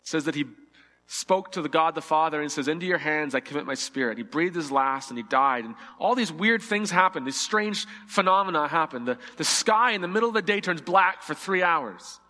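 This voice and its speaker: A man's voice: fairly high pitch, lively intonation, moderate pace, pushed and bright, in a large hall. A man preaching a sermon, earnest and vivid, acting out the scripture dialogue with shifting emphasis. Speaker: pastor.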